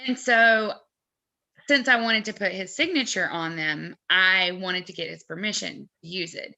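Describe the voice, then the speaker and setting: A woman in a casual live chat, telling an anecdote in an animated, chatty way. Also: mid-range voice, normal speed, gravelly. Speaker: co-host of a fan merch live chat.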